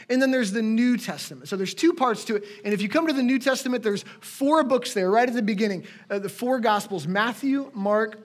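Guy preaching, pretty high voice, chatty sermon w/ side comments. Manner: conversational, warm asides to the congregation. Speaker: pastor.

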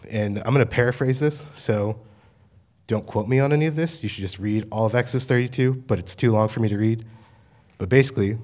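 A man's voice: lowish voice, a little mellow. A young man in his twenties on campus ministry staff, giving a casual, conversational sermon full of fillers and paraphrased asides.

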